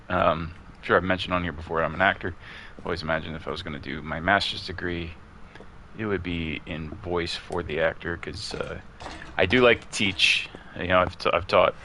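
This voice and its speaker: A man with a low voice, crisp and bright on top, talks through a ghost hunt on a desk mic. He muses aloud in a chatty way and keeps calling out questions to the ghost. A faint hiss sits under his voice. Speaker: gamer streaming his play. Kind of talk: casual commentary while playing.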